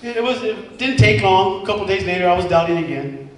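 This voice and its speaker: A man in his forties, a former member, gives an earnest testimony to a congregation, repeating himself and acting out quoted dialogue. His voice is high and fairly quick, picked up from far off in a large, echoey church hall with faint hiss.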